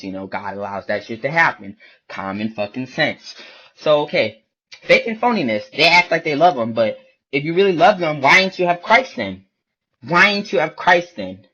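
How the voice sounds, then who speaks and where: Sharp in tone and slightly rough, this mid-range male voice belongs to an online video preacher ranting about faith. His monologue is blunt, profane, and repetitive, heard through a dull lo-fi recording.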